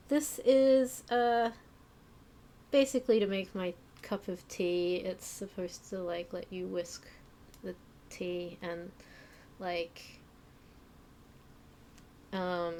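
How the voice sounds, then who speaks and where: A woman's voice: mid-range voice, darkish tone, slight background noise. A woman streaming from her home stream room, chatting casually and rambling with fillers and self-mocking asides. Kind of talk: casual chat while unpacking on stream.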